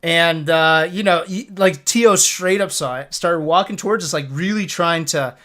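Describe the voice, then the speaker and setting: A man's voice: a little high, normal speed. A man in his thirties, a streamer, telling a story casually on a live stream with lots of swearing and laughter. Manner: animated, profane, laughing storyteller.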